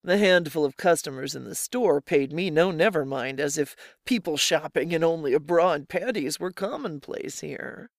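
A narrator reading a first-person story at a steady, measured pace, pitched in a middle range. The mic is close and the sound is very dry, with no room echo. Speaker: audiobook narrator.

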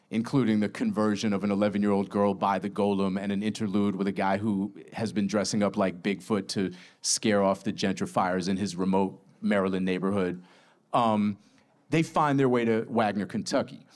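Casual male author telling a story. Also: on the low side. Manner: casual, self-deprecating, lively storytelling. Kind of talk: book talk summarizing his novel.

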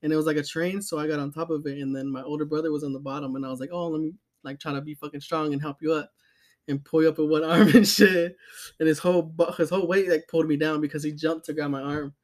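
Loose, cussing young man, slightly high voice. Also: steady tone, quick pace, darkish tone. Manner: loose, profane storytelling with frequent fillers and laughs. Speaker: podcast co-host. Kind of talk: casual chat.

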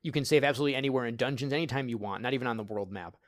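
A man in casual podcast chat, animated and quick to laugh, slipping into little voices as he retells scenes. His voice sits mid-range and sounds dry and close, with no room around it. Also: medium pitch, no echo. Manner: animated storyteller acting out game dialogue, frequent laughs. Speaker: podcast co-host.

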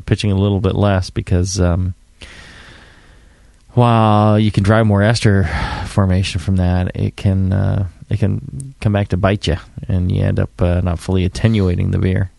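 A man who hosts a podcast, talking in a relaxed, rambling way full of fillers. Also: sits low, normal speed, gravelly, dry recording. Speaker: podcast host. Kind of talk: casual homebrewing chat.

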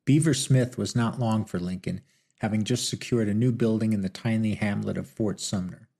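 Gravelly male audiobook narrator. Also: lowish voice, normal speed. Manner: steady, storytelling.

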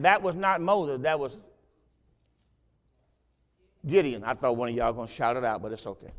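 A man preaches in a church sanctuary. He talks his congregation through scripture in a high voice, then rises into loud, fervent exhortation. Long reverb trails after his words. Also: expressive, brisk, long pauses. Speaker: pastor. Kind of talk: sermon.

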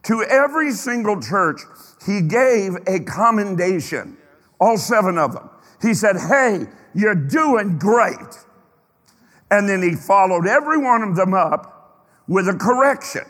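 A man's voice: high-pitched, expressive, moderate pace, a bit bright. A man preaching a sermon to his congregation, emphatic, stretching out phrases and firing questions at his listeners. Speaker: pastor. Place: church sanctuary. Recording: reverberant hall.

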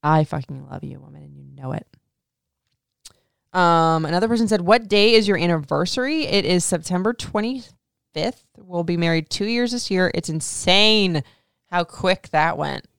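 A woman's voice: on the low side, animated, moderate pace, creaky, clear, resonant tone, no room sound. A woman in her thirties hosting a casual podcast, answering listener questions in a frank, profane way, full of "like," sounding emotional and close to tears. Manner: frank, profane, heavy use of "like".

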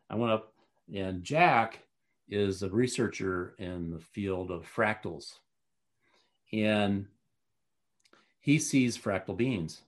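A man telling a long personal story in a casual interview, rambling with many fillers and restarts. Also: fairly low pitch. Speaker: guest.

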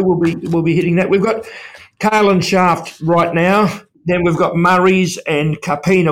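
An older man, chairman of a mining company, talking as an interview guest in a loose, rambling way. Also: on the high side. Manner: rambling, restarts often.

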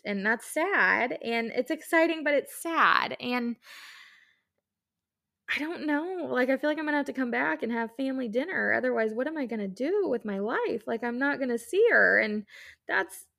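A woman's voice: high-pitched, expressive, normal speed, creaky, pushed and bright. A young woman hosting her own podcast, talking casually and heartfelt, rambling with many fillers and restarts. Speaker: podcast host. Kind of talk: casual solo podcast talk.

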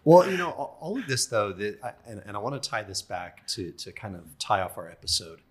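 A man co-hosting a podcast, talking in a relaxed, casual way. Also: fairly low pitch, fairly quick, husky. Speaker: podcast co-host. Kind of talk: casual conversation.

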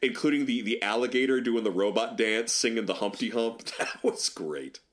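A man in casual podcast talk about movies, opinionated and animated. His voice sits at an ordinary mid pitch and leaps higher for sarcastic asides. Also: moderate pace. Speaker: podcast co-host. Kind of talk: casual film chat.

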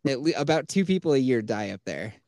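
A man's voice: mid-range voice, fast talker, no room sound, studio quality. A young man hosting a podcast, telling stories in casual chat, swearing and laughing as he goes. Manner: swearing, animated storytelling with laughs. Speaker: podcast host.

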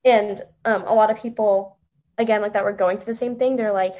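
A young woman, a podcast guest, telling an emotional personal story in a halting, tearful way with many fillers. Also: medium pitch, steady tone, dark tone, dull audio.

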